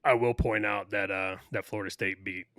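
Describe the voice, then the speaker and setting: A man's voice: on the low side, steady tone, normal speed, pushed and bright, no room sound. A man co-hosting a casual podcast, griping bluntly about sports. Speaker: podcast co-host.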